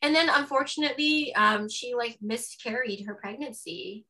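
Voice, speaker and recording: A Canadian-accented woman co-hosting a podcast in easy, chatty talk. Her voice is bright and crisp and a little high for a woman. She scatters "like" through her sentences. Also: moderate pace. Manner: chatty, full of "like" fillers. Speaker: podcast co-host. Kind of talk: casual chat.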